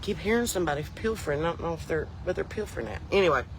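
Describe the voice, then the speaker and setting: A woman's voice: deep voice, lively intonation, rapid-fire, slight background noise. A woman with a thick Southern US drawl, telling folksy, rambling comedy stories in casual chat. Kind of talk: chatty comedic storytelling.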